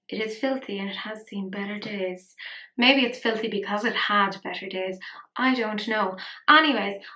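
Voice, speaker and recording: A woman's voice: mid-range voice, bright, forceful tone. A young woman talking through a makeup tutorial in a rambling, self-mocking way. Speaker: beauty vlogger. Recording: roomy echo.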